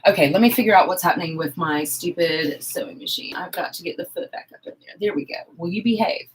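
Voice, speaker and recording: Sewing indoors at home with a fan going, a woman in her 40s hosts a casual livestream. Her voice is fairly low and fast, the audio is poor, and she chats with her viewers and makes fun of herself while she works.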